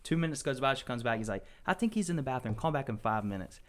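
A male podcast host chatting loosely with friends. He tells stories in a rambling, laughing way, swearing freely. His voice sits at an ordinary middle pitch. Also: animated, fast, a bit bright. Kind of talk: casual banter podcast.

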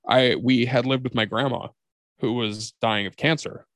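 A man's voice: mid-range voice, normal speed. A man hosting a podcast in casual chat, telling stories with energy and swearing freely. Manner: animated storyteller, swears freely. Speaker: podcast host.

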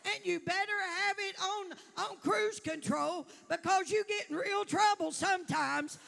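A woman preacher delivering a fervent sermon to a congregation, building up to shouts. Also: very high voice, a little slow, vocal fry, faint music behind.

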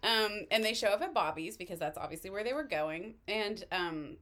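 A woman's voice: medium pitch, expressive, normal speed, a bit bright. Woman just chatting on a podcast, retelling scenes and doing everyone's lines, laughs a lot. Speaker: podcast co-host. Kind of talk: casual recap chat. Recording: household noise in background.

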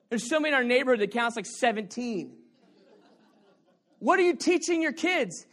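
Animated preaching man, hushed to shouting. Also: very high voice, normal speed, pauses often. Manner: playful, banters with the congregation. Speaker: pastor. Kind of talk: sermon.

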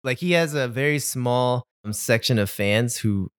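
A man's voice: medium pitch, animated, moderate pace, clean tone, no echo, clean studio sound. A young man co-hosting a comedy podcast, chatting loosely and laughing often. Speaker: podcast co-host. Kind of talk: casual comedic chat.

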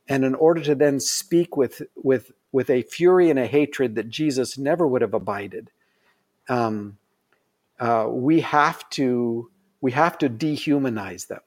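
A man's voice: medium pitch, unhurried, a little mellow. A middle-aged man telling a story in casual conversation, rambling with lots of fillers and restarts. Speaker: guest.

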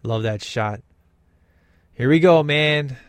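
A man's voice: medium pitch, takes it slowly, dry recording. A man talking through a film in casual commentary, enthusiastic and emphatic with lots of slang.

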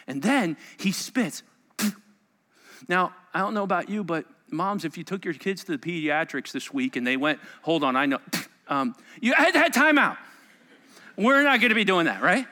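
A male pastor preaching a sermon to a congregation, telling the story dramatically and dropping into quiet asides. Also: high-pitched, moderate pace, big-room sound. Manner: animated, dramatic storytelling with sudden soft asides. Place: church sanctuary.

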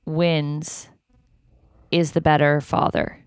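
A woman's voice: low voice, level tone, slow, smooth, no echo, clean studio sound. A young woman co-hosting a casual chat with her father, playful and teasing. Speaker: podcast co-host, daughter.

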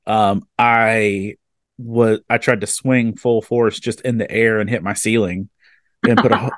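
A man hosting a podcast interview, chatting casually and telling stories with animated energy. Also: fairly low pitch, a little slow, no room sound, studio quality. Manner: animated storyteller, casual and excitable. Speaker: podcast host.

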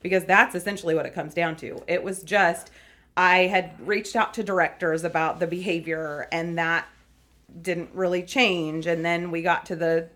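A woman talks earnestly about fostering in a relaxed interview. She is a teacher who speaks with conviction and feeling. Small laughs break into her telling. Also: fairly low pitch, normal speed. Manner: earnest, animated storytelling with frequent laughs. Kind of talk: conversational interview.

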